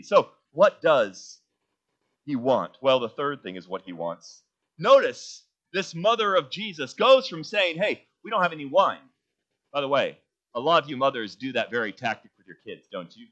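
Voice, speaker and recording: A man's voice: medium pitch, fairly bright tone, dull audio. A man preaching a sermon as pastor, emphatic, asking the congregation questions and answering them himself.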